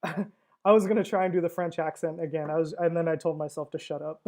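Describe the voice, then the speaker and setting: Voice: mid-range voice, fairly even intonation, normal speed, darkish tone. A wine seller hosting a casual livestream tasting, talking in a chatty, rambling way with frequent fillers and laughs.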